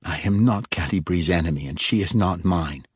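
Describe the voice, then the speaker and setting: A man's voice: low-pitched, moderate pace, husky, no echo, clean studio sound. A man voicing a poised young drow woman. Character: cool, composed young female drow.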